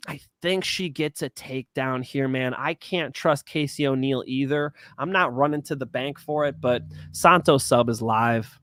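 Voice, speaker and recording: A man's voice: mid-range voice, moderate pace, hardly any pauses, fairly bright tone, dry recording, clean studio sound. A man co-hosting a mixed martial arts betting show, joking and swearing freely in casual banter. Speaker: co-host of MMA betting show. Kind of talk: casual banter and fight picks.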